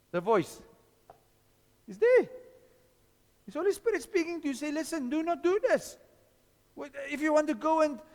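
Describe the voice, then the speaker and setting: A man preaches with a high, lively voice that leaps up and down as he questions his listeners. His sermon rings through a hall with a long reverb trailing every phrase. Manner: questions the congregation, animated. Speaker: pastor.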